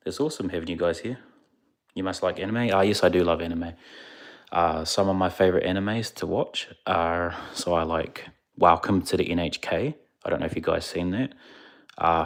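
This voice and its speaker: A man casually chatting on a livestream, laid-back and rambling, a little sleepy. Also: sits low. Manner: laid-back, rambling, answers chat questions. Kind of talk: casual live-stream chat.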